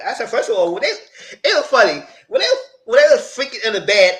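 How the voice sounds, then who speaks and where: A man's voice: sits high, sing-song, fast, a bit bright. A man hosting a casual live recap of reality TV. He talks bluntly and profanely and laughs often. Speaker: channel host reviewing reality TV.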